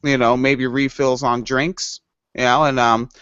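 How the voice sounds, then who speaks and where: A man's voice: mid-range voice, flat delivery, a little slow, a bit bright, clear, resonant tone, no echo. A man co-hosting a podcast, chatting sarcastically with a lot of swearing and loose rambling. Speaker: podcast co-host. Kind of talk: casual chat. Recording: dull lo-fi sound.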